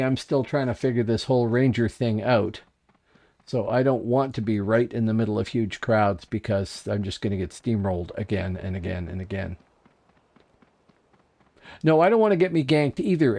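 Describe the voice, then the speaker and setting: With a medium-pitched, mellow voice, a man streams an online game and keeps up easy chatter. He reads and replies to chat, thinking out loud as he plays.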